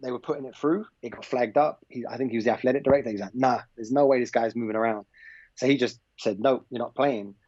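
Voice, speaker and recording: A man in his thirties with an English accent, a podcast guest telling a story in a relaxed, rambling way and acting out the dialogue. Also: medium pitch, no room sound, muffled recording. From England. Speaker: podcast guest, former basketball player. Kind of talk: casual anecdotal storytelling.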